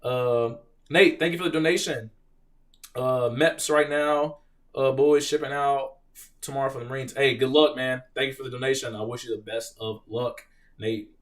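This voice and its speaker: A young man hosting a casual live Q&A, reading out viewer questions and telling stories in an animated, profane way. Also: mid-range voice, normal speed, distant mic. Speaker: live stream host, Marine veteran.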